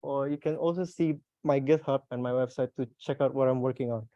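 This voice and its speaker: A man's voice: mid-range voice, fairly even intonation, a little fast, dry recording, dull audio. A young man with an Australian accent giving a tech talk at a meetup, hesitant and plain-spoken with restarts. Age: young adult. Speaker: conference speaker.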